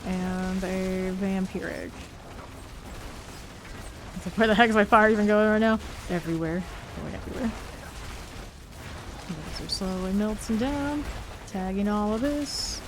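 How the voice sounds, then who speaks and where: A woman's voice: medium pitch, unhurried, long pauses, noisy background. A woman streaming a game live, thinking aloud and calling out enemies as they appear. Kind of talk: live gameplay commentary.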